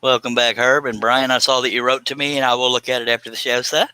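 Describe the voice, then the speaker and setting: A man's voice: medium pitch, little pitch movement, quick pace, pushed and bright, clear, resonant tone, no room sound. A Texan man hosting a live stream over a video call, chatting in a folksy, joking way. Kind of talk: casual chat.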